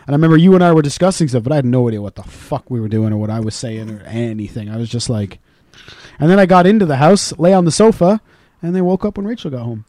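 A man co-hosting a casual podcast, telling stories with lots of swearing and loud acted-out quotes. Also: medium pitch, animated, quick pace, no echo, clean studio sound. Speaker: podcast co-host. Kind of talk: casual profane chat.

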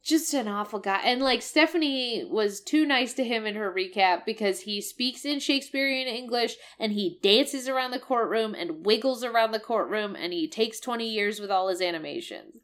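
Ranting woman podcaster, high voice. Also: a bit bright. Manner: ranting, swears freely, mimics game characters in quick bursts. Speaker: podcast co-host. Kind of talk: casual game-review chat.

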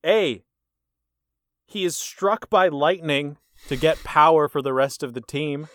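A man hosting a casual movie quiz. He reads the answer options deliberately and teases his guest. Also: fairly high pitch, fairly bright tone, no room sound. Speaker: quiz host. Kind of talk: casual podcast chat.

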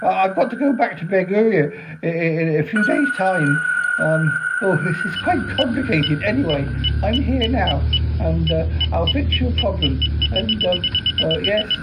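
A man's voice: high-pitched, animated, normal speed, heavy background noise, voice pushed up. A man voicing a bumbling, cheerful male talking duck who quacks between sentences and stammers. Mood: flustered. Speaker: regular comedy character.

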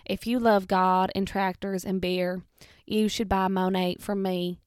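Southern saleslady, folksy pitch, pushy, dry close sound done by a woman doing an impression. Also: little pitch movement, unhurried, clear, resonant tone, dry recording, close to an everyday voice.

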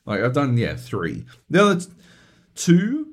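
Lively, swearing male podcast host. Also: mid-range voice, measured pace. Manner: animated, swears constantly, ranting. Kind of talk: casual chat.

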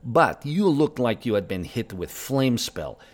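A man's voice: medium pitch, sing-song, unhurried. Man doing a broken-English Draenei husband. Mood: teasing, matter-of-fact. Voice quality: broken English, drops articles. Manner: plain, matter-of-fact, teasing. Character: married middle-aged male Draenei traveler, earnest. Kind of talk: in-character tavern review podcast.

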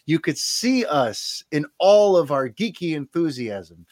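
A man's voice: on the high side, very animated, a little slow, darkish tone, no room sound, clean studio sound. A man co-hosting a podcast, chatting casually and enthusiastically, rambling with lots of restarts. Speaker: podcast co-host.

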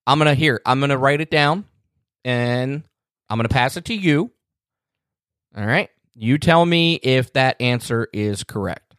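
A man's voice: medium pitch, a little slow, fairly bright tone, clear, resonant tone, no room sound, clean studio sound. Laid-back man hosting a podcast. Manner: easygoing, laid-back, laughs often. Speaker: podcast host. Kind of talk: casual podcast chat.

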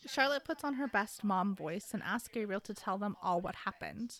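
A woman's voice: mid-range voice, expressive, moderate pace, fairly bright tone. A woman casually recapping a book on a podcast, playfully acting out characters' lines with sarcasm and the odd swear word. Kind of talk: casual chat.

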